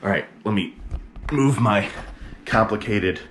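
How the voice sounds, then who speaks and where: Casual joke-telling priest, echoey room. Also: male voice, on the low side, measured pace, slight background noise. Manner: casual, animated storyteller. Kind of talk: short sermon and joke telling. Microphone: camera propped on a mug. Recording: roomy echo with faint ambience.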